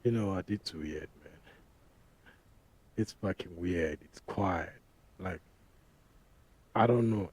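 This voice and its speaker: Guy rambling on his podcast, swears a lot, really dark mellow voice, dry studio sound, bit of music. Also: fairly low pitch, slow, long pauses, breathy edge, no room sound. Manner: rambling, profane, street slang. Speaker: podcast host. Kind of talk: casual podcast monologue.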